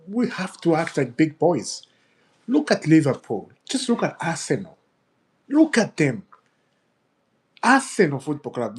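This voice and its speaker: A man hosting his own football fan channel, ranting in an upset, animated way, laughing and repeating himself. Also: on the high side. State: upset, fuming. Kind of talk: ranting video commentary.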